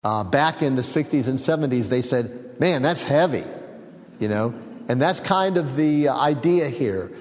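A man preaching a sermon, teaching in an unhurried, reflective way with frequent fillers and small jokes. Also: mid-range voice, expressive, a little mellow, big-room sound. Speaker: pastor.

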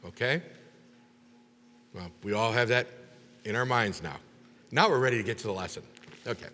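Animated preacher in a reverberant hall. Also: male voice, fairly low pitch, normal speed. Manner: animated storyteller acting out the characters. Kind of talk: sermon retelling a Bible story. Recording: long reverb of a large hall.

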